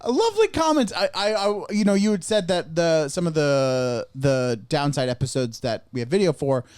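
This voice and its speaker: Co-host, male, slightly high voice, halting and unhurried, dry mic. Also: a little mellow, clear, resonant tone, dry recording. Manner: hesitant, many fillers and restarts. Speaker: podcast co-host. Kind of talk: casual podcast chat.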